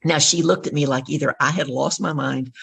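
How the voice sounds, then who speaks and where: A middle-aged woman tells her story with a lot of vocal fry, and her voice sounds rough and husky. She speaks as an interview guest and acts out each exchange as she goes. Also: deep voice, steady tone, a little fast, fairly bright tone. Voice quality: gravelly, husky voice. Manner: vivid storyteller who acts out dialogue.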